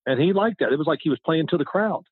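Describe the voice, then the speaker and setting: Fairly high-pitched, animated, and quick, with a breathy edge, a former quarterback in his sixties guests on a casual interview. His chatty stories ramble with frequent restarts, and the recording is a dry, tinny, phone-like line.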